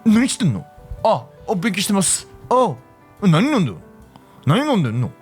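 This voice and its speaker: A man voicing a chatty, tipsy middle-aged man at a bar, excitable and stammering with oh and ah. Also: high voice, a little fast, faint music behind, pitched above the performer's own voice. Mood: excited.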